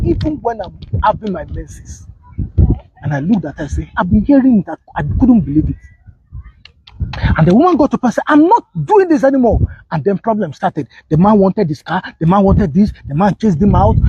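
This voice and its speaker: A man preaching a sermon on marriage, telling stories with quoted dialogue and sudden high exclamations. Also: warm tone, husky, dry recording, highs cut off. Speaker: pastor.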